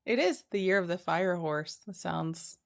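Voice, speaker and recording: A woman's voice: on the low side, moderate pace, vocal fry. A young woman co-hosting a podcast, chatting casually with frequent swearing and laughter. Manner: swears a lot, laughs often, animated storytelling. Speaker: podcast co-host. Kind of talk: casual chat.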